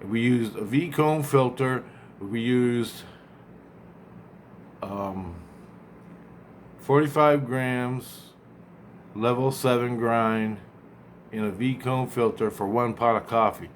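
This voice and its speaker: A man casually retelling a dream, rambling and acting out both sides of the conversation, often halting and repeating words. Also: mid-range voice, slight background noise.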